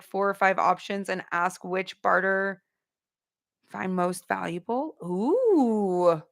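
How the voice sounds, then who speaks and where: A woman, hosting a casual livestream and joking with her viewers in an animated way. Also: medium pitch. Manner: animated, joking, addresses chat as y'all. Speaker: livestream host.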